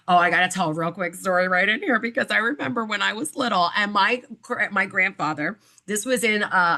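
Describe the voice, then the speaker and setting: A woman hosting a wellness podcast, talking casually with lots of fillers and playful cursing. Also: medium pitch. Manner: chatty, animated storyteller with many fillers; playful cursing, voices quoted relatives. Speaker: podcast host.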